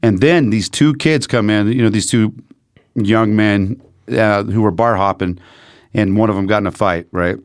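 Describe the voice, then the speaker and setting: A man's voice: fairly low pitch, normal speed, clear, resonant tone, no echo, studio quality. A man telling profane stories in casual chat, acting out what people said. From United States. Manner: profane, animated storyteller acting out quotes. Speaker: podcast guest. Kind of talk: casual storytelling.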